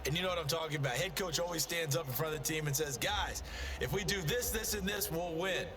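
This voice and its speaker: An actor playing a color commentator in a football video game, explaining strategy in a coach-like way. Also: male voice, a little high, fast, lightly acted. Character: folksy male football analyst. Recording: game audio over loud music.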